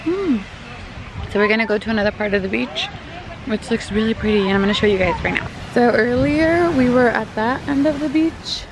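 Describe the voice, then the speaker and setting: A woman's voice: fairly high pitch, expressive, a little fast. A young woman vlogging on a trip, chatty and giggly as she talks to her viewers from a beach. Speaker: travel vlogger. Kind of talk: casual travel vlog chat. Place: outdoors at a beach and town streets. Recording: noisy outdoor street sound.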